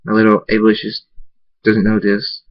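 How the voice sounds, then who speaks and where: Low, flat-voiced man reading a story. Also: moderate pace, no echo. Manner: stumbling, repeats words while reading. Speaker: fan fiction author reading his story. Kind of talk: first-person story reading. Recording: dull lo-fi recording.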